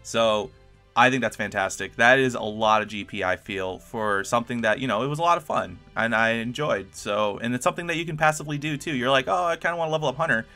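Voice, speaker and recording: Bright-voiced, upbeat gaming YouTuber man. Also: mid-range voice, brisk, faint music behind. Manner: upbeat, chatty, enthusiastic. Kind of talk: casual gameplay commentary.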